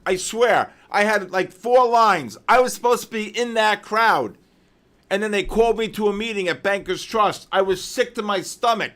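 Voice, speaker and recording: A man hosting a live trading session, excitedly shouting out viewers' names with heavy market jargon, then dropping to weary muttering over questions. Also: normal speed. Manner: drops to low, weary muttering while reading questions. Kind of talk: live trading-stream commentary.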